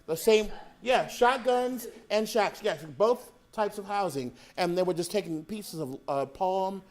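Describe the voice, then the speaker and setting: Guy doing a book talk, fairly high voice, laughs a lot, acts out the people in his stories. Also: a little slow. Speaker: author giving a book talk. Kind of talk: lively storytelling to an audience. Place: public hall with audience.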